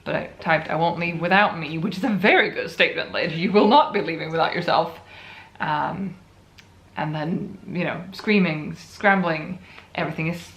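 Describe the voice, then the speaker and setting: Chatty woman, gravelly low voice, echoey room. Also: a bit bright. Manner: rambling, self-amused, chatty. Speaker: writing vlogger. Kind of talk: casual chat.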